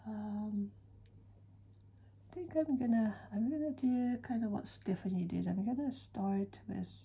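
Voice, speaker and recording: A woman giving a calm step-by-step drawing tutorial, soft-spoken and often dropping to a near whisper. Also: medium pitch, measured pace, gravelly, slightly rough, highs cut off. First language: Japanese. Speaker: certified drawing-art teacher.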